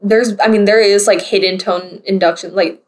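A young woman hosts a casual podcast conversation in a friendly, chatty way, leaning on "like" and "you know." She laughs as she tells stories, and her pitch sits in a middle range. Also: steady tone, normal speed, a little mellow. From United States. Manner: chatty, many fillers, laughs while telling stories. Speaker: podcast host. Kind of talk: casual chat.

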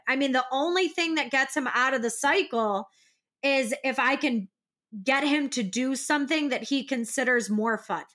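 Bright high-voiced woman telling stories. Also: normal speed. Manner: animated storytelling, acting out scenes. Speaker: podcast co-host. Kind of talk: casual chat.

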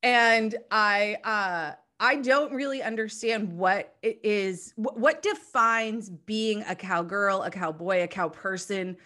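A woman's voice: medium pitch, takes it slowly, few pauses, sharp tone. A woman from the Northeastern US hosting a podcast, chatty, bubbly and enthusiastic, laughing often. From Northeastern USA. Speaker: podcast host. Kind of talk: casual podcast chat.

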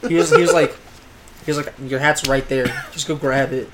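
A young man co-hosting a podcast, telling a high school story in rambling casual chat full of fillers and swearing. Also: steady tone, brisk, background noise. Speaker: podcast co-host.

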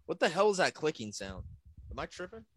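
With a fairly high, husky voice, a young podcast co-host storytells briskly and very animatedly, swearing casually and doing voices for the people he describes. The recording is dry.

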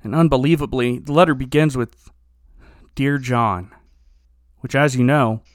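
Dry, clean studio audio captures a podcast co-host with an unhurried, medium-pitched voice. Chatting casually, he animatedly retells a TV episode, acting out quotes and laughing frequently.

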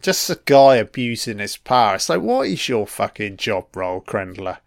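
A man doing a casual, profane film commentary, heckling the characters on screen, his throat a little croaky from illness. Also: fairly low pitch, very animated, moderate pace, no room sound, clean studio sound. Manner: profane, talks back at the screen.

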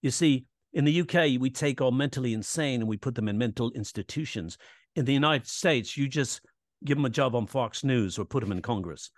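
Animated man teaching comedy writing. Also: mid-range voice, a little fast, dry recording, studio quality. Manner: animated, acts out audience reactions and quoted lines; teaching tone, checks in with "right?". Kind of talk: casual explanatory talk in an interview.

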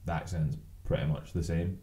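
A young Scottish man with a strong Glaswegian accent, talking fast and swearing in a casual podcast chat. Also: rumbling low, fairly even intonation, mellow. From Scotland. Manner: talks fast, swears, says "man" a lot. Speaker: podcast co-host. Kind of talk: casual chat over drinks. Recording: echoey room.

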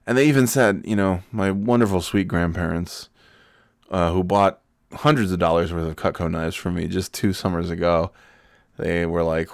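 A man's voice: deep voice, normal speed, no room sound, studio quality. A young man hosting a podcast, telling comedic stories in a profane, sardonic, mock-earnest way. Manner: mock-earnest, laughs at own jokes. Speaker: podcast host. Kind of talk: comedic storytelling.

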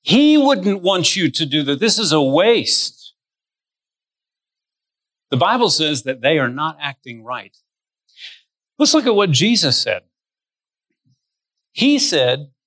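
A man's voice: a little high, big pitch swings, slow, long pauses, a bit bright, no room sound. A man preaching a sermon as pastor. He speaks straight to his listeners and stretches his stressed words. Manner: addresses listeners directly.

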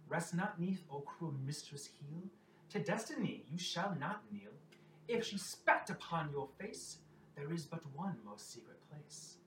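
A man's voice: a little high, a little hiss or hum, pitched above the performer's own voice, heavily acted. A man voicing a wry, theatrical male fey lord of song and dance, speaking in a lilting, showy way at a tabletop game. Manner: lilting, theatrical, rhyming recitation. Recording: roomy, distant mic, loud background ambience.

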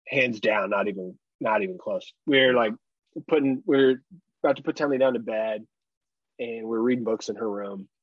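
A man in his thirties co-hosting a casual podcast, animated, laughing often and swearing freely. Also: lowish voice, slightly rough, dry recording. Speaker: podcast co-host. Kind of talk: casual chat. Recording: dull, muffled close mic.

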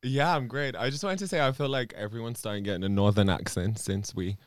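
Man, podcast guest, dry wisecracks, mid pitch, dead dry studio sound. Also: a little fast, no echo. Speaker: guest, musician. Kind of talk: casual chat.

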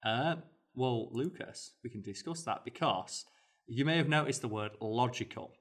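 A man's voice: medium pitch, moderate pace, fairly bright tone. A man, co-hosting a podcast, telling a story animatedly with quoted voices. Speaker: podcast co-host. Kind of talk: casual chat.

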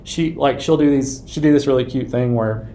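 A man in his thirties, a podcast co-host, chatting casually and warmly, often restarting his sentences, openly emotional. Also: medium pitch, normal speed, a crowd in the background. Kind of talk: casual chat. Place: recording studio.

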